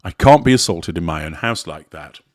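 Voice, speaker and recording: A man reading the lines of a frustrated man who reasons insistently with his partner, in a low, dry voice. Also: expressive, normal speed, dry recording.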